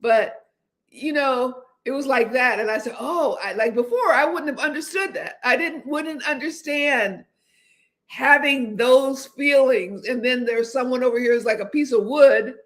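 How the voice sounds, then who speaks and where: A woman's voice: high voice, a little slow, a bit bright. Rambling woman in her seventies. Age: 70s. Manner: rambling, with many restarts and hesitations. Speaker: host. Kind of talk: casual livestream chat.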